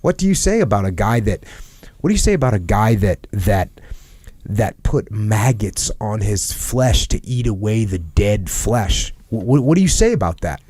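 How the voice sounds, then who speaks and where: A middle-aged man with a fairly low voice hosts a podcast in a reflective, conversational tone. He is earnest and often repeats a phrase to drive it home. The recording is dry and close, with no room sound. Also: big pitch swings, moderate pace, darkish tone, no room sound. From United States. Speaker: podcast host.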